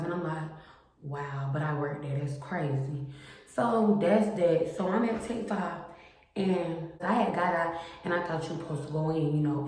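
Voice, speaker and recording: Chatty woman in an echoey room. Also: low-pitched. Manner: chatty, animated retelling with quoted voices. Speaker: vlogger. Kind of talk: casual storytime. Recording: very echoey room with faint noise.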